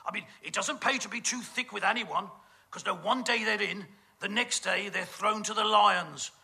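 A man's voice: high-pitched, moderate pace, creaky, pushed and bright. A man with a British accent doing a camp, gossipy stage comedy monologue full of innuendo. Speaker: comic performer.

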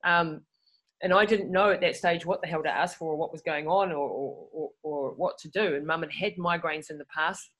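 A woman's voice: low-pitched, moderate pace, breathy edge, low-quality recording. A woman guest in a casual conversation, talking animatedly, often restarting her sentences and acting out what people say in their heads. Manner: animated, restarts often, acts out inner voices.

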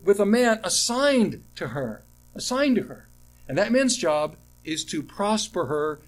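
A middle-aged man preaching a sermon, with animated emphasis that drops to quiet asides and personal stories told with restarts. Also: high voice. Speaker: pastor.

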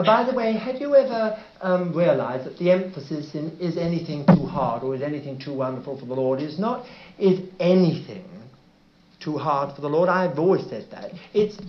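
Male bible teacher, unhurried sermon, echoey room, kinda dull old tape sound. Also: high-pitched, slight background noise. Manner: slow, deliberate, with asides of "you see". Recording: roomy, muffled old recording.

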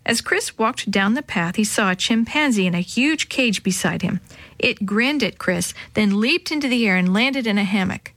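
A woman reading a children's story aloud in a clear, even narration. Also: medium pitch, moderate pace, dry recording. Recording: dry close sound.

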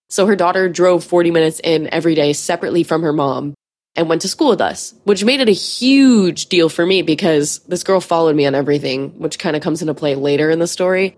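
Young woman host, lowish voice, casual storyteller who swears a lot. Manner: profane, chatty, many fillers. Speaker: podcast host.

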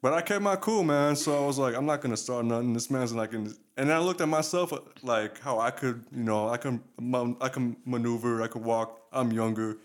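A man's voice: medium pitch, a little fast, few pauses. Young New York man telling stories. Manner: loose storytelling with slang and swearing. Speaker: podcast co-host. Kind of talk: casual chat.

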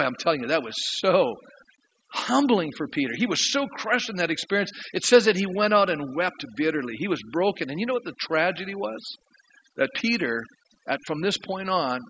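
Muffled earnest pastor, higher voice. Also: male voice, a bit bright, slight background noise. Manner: earnest storytelling with emphatic rises. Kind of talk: sermon.

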